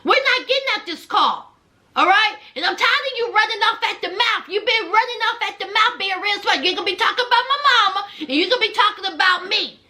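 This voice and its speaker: A woman voicing a pushy, defiant middle-aged woman who scolds fast and refuses to move. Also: extremely high pitch, big pitch swings, pushed and bright, pitched above the performer's own voice, full character voice. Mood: scolding.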